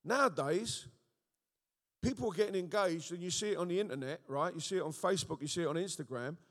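A man preaching an animated sermon, often checking in with his listeners. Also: sits high, fast talker. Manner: animated, rhetorical, frequent call-and-response checks. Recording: echoey hall with long reverb.

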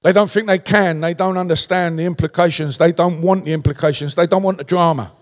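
A man's voice: high-pitched, fairly even intonation, brisk, long reverb tail. A man preaching a sermon in a conversational way, tossing out rhetorical questions in a large church.

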